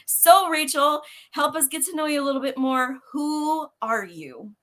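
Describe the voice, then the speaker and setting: A woman's voice: sits high, animated, measured pace, a bit bright. A woman hosting a live online interview over a video call, giddy and effusive, laughing often. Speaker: host.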